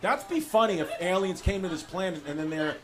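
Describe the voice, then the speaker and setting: A man's voice: high voice, lively intonation, a little fast. A young man doing loose, profane stand-up crowd work, laughing through his riffs on a club stage. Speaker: stand-up comedian. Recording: noisy live club recording.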